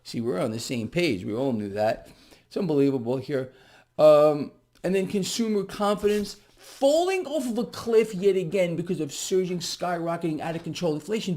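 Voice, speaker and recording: A middle-aged man with a slightly high voice rants casually to his viewers about the markets. He is sarcastic and animated, swinging from mocking shouts to quiet, earnest asides. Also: moderate pace. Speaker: market commentary vlogger. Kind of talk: casual direct-to-camera market rant.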